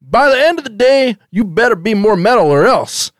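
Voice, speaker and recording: A man's voice: high voice, animated, normal speed, dry recording, clean studio sound, pitched above the performer's own voice. A man voicing a nagging, scolding bandmate in an exasperated, barking manner.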